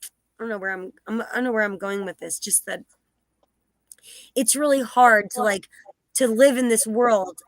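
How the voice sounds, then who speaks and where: A woman from New Jersey with a highish voice rambles through her own situation as a group participant, full of fillers and restarts. She talks at normal speed but takes long pauses, and there's no echo in this candid personal sharing.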